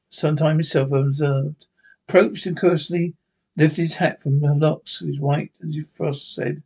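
A man reading a classic story aloud in an unhurried way, with occasional stumbles. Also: fairly high pitch, vocal fry, a little mellow, breathy edge. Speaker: narrator.

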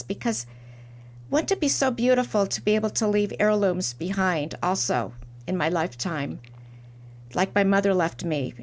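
A middle-aged woman, a porcelain artist, telling a reflective story in an interview with soft restarts. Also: medium pitch. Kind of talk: interview conversation.

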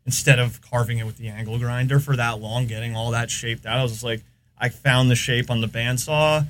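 A man's voice: mid-range voice, steady tone, a little fast, a bit bright, slight background noise. A man with an American accent, a podcast guest, telling long rambling stories in casual chat. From United States. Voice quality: rambling, filler-heavy storytelling.

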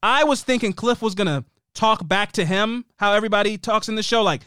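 A man's voice: high voice, brisk, clean tone, soft background music. A man co-hosting a podcast, chatting casually about a TV show and acting out the characters' lines. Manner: animated, acts out characters' lines. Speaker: podcast co-host. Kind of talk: casual chat recapping a TV show.

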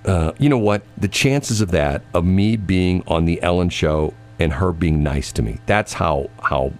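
A man's voice: low-pitched, a little slow. A man hosting a morning radio show, telling stories in casual on-air chat with a rambling, stammering manner. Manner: rambling storyteller, stammers and repeats words. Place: radio studio.

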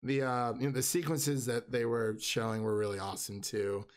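A man's voice: medium pitch, flat delivery, moderate pace. A man co-hosting a casual movie review podcast, laughing often and restarting his sentences. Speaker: podcast co-host.

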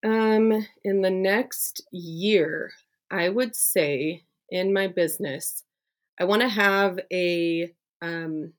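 Speaking very slowly and steadily in a lowish voice, the podcast guest, a business coach, keeps things casual and conversational. She's enthusiastic and talkative, leaning heavily on "like" as a filler.

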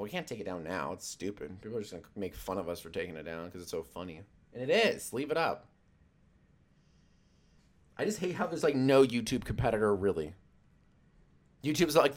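A young man chatting loosely on a stream, swearing often and rambling between jokes. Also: fairly low pitch. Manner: profane, loose and joking, with many fillers. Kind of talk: casual rambling chat.

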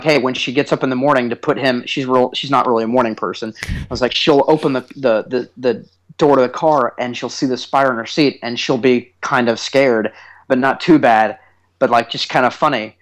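A man in his thirties, co-hosting a podcast, telling comic stories in a casual chat with an animated, teasing, self-mocking manner. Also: medium pitch, a little fast. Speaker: podcast co-host.

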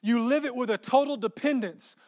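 A male pastor preaching a sermon, emphatic and repeating his phrases, swinging between soft asides and loud peaks. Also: extremely high pitch, a little fast.

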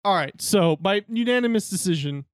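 A man co-hosting a casual film podcast, animated and jokey, slipping into quick voices when he tells bits. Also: sits high, dry recording, studio quality. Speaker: podcast co-host. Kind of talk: casual chat.

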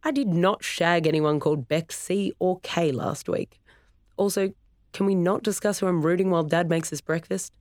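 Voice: medium pitch, normal speed, darkish tone, no room sound, clean studio sound, voice pushed up, natural voice. A narrator voicing a laid-back young musician son who talks bluntly in slang in a storybook reading. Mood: defensive.

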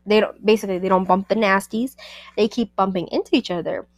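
A woman hosting a book review podcast in a sassy, animated, casual way, talking back to the characters. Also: mid-range voice, brisk, dry recording.

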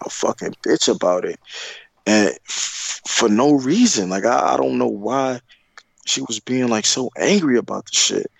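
A man's voice: creaky, dry recording, poor audio. A young man telling a dating story in a casual, profane, rambling podcast chat, full of fillers and restarts. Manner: acts out his own heated replies in a higher voice.

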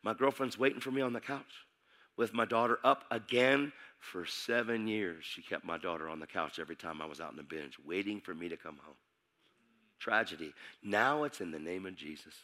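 A man preaching a testimony, animated and emphatic, dropping to a hush and then shouting as he acts out the scenes. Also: low-pitched, normal speed. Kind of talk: sermon testimony storytelling.

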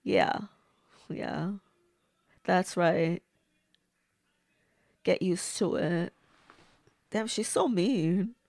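A woman's voice: fairly low pitch, drawn-out words, pauses often, a little mellow, dry recording, studio quality. A woman giving casual, blunt, reactive commentary as she watches and reviews a movie. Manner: chatty, blunt and reactive, swears freely.

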